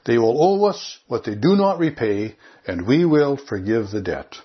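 A man's voice: medium pitch, animated, unhurried, husky, muffled recording. A man preaching a sermon in an earnest, conversational way, lifting his voice on key phrases. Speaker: pastor.

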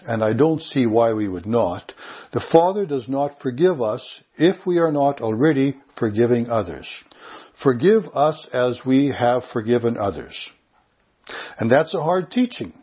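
A man's voice: medium pitch, breathy edge, dull audio. A man preaching a sermon in an earnest, conversational way, lifting his voice on key phrases. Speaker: pastor.

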